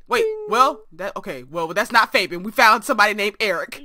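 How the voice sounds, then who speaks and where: A woman's voice: on the high side, expressive, brisk, few pauses, pushed and bright. A young woman hosting a game let's play from her room, chatting to viewers and to the characters on screen. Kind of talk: casual game commentary.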